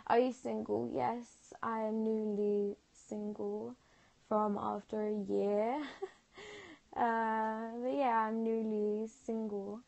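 Slow, gravelly young woman. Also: fairly high pitch, level tone, a little mellow, dull audio. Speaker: livestreamer. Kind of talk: casual livestream chat reading comments. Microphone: phone livestream.

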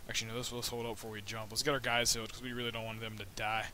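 Male gamer narrating his own playthrough: rambly, jokey, mid pitch, breaks into excited yelps, cheap mic with faint hiss. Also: quick pace. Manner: rambling and joking, with sudden high excited yelps. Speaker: gameplay commentator. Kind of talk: let's play commentary. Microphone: new budget microphone.

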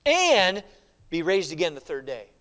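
A man teaching a Sunday school Bible study as pastor, acting out quoted lines with lively feeling and at times dropping to a quiet, confessional tone. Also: a little high, measured pace. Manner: animated, acts out quoted speech.

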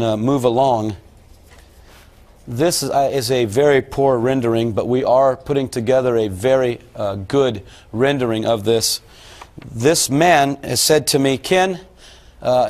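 A man's voice: medium pitch, a little mellow. A middle-aged man preaching a sermon about a dream, talking to his audience in a folksy, rambling way.

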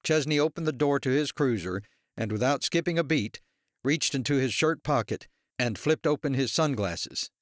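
A man narrating an audiobook thriller in a steady storytelling manner. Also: medium pitch, normal speed, dry recording, studio quality. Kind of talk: scripted narration.

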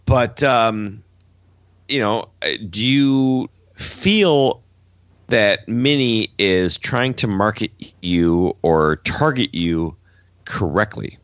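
A man's voice: lowish voice, very slow, a bit bright, dry recording, lo-fi sound. A man co-hosting a casual podcast, asking listeners meandering questions padded with fillers.

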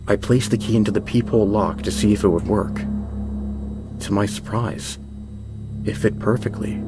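A man narrating a horror story in a measured, tense way over background music. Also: lowish voice, fairly even intonation. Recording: music bed under voice.

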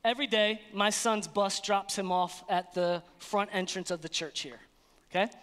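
A man preaching an energetic sermon as pastor, animated and playful, acting out little scenes. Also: sits high, normal speed. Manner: animated, playful, acts out voices. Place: church sanctuary. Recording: long hall reverb.

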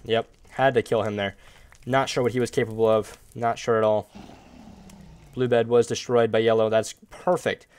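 A man's voice: medium pitch, level tone, moderate pace, a little hiss or hum. Upbeat man giving casual gameplay commentary. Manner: upbeat, chatty, jumps to loud outbursts and playful groans. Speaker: gaming video host.

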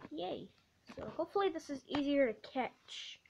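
A woman commenting casually on a puzzle game as she plays, excitable and full of little oohs and cheers. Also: sits high, moderate pace, vocal fry, very noisy. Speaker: let's play host. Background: game music.

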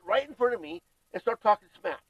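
A man's voice: high voice, lively intonation, fast, lo-fi sound, a crowd in the background. A man who is a passer-by, talking in an aggressive, cursing, confrontational way.

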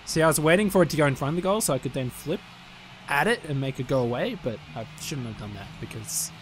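A man playing a car soccer game as a guest, chatting casually, excitable, swearing and yelling at the plays. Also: mid-range voice, fast talker, a little hiss or hum. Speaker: guest co-player. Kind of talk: casual gameplay chat.

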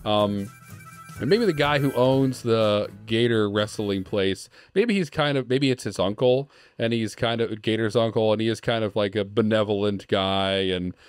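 A man's voice: fairly low pitch, moderate pace, clean tone, faint music behind. A man co-hosting a podcast, casually improvising a story and acting out its characters' lines, laughing often. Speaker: podcast co-host.

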